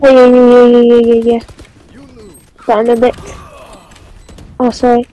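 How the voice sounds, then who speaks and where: A woman's voice: a little high, completely flat delivery, measured pace, dark tone, poor audio. Chatty woman calling out plays. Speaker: game player. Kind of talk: casual team voice chat.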